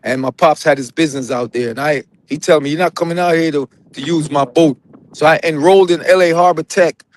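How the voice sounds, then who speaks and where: A man's voice: on the high side, a little fast, a little hiss or hum. A middle-aged man from Jamaica with a Jamaican accent, telling his life story emphatically as a guest on a casual live interview. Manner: emphatic storytelling, drifts in and out of patois, says "brethren".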